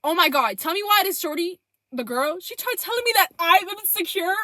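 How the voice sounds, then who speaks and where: A woman's voice: very high-pitched, animated, a little fast, heavy background noise. A young woman telling a storytime vlog, blunt and heavy on profanity, reading out text messages.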